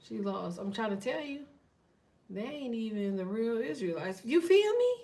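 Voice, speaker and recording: A woman hosting a tarot channel, talking in a blunt, profane, fast casual rant. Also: medium pitch, vocal fry, darkish tone, recorded from a distance. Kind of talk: casual ranting monologue.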